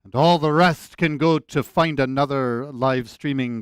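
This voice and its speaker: A man's voice: mid-range voice, unhurried, clear, resonant tone, no room sound, studio quality. A Celtic musician, a man, out of breath and joking wryly between songs at a live-streamed concert. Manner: wry, joking toasts.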